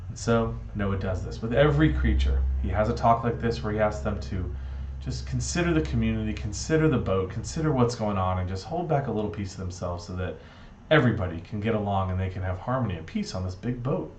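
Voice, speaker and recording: A man's voice: lowish voice, expressive, a little fast, a little mellow, a little hiss or hum. A man giving a storytelling reflection, playful and earnest. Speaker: speaker giving a Shabbat reflection. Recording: dull echoey room recording.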